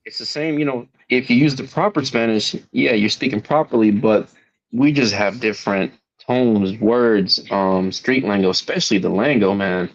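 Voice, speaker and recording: A man's voice: fairly low pitch, normal speed, muffled recording. A man chatting casually as a co-host on a stream, laid-back and reflective, often saying man. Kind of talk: casual chat.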